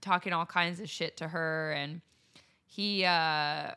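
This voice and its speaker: A woman's voice: sits low, fairly even intonation, slow, pushed and bright, smooth. A young adult woman, a podcast co-host, in loose casual chat, laughing often and talking with many fillers.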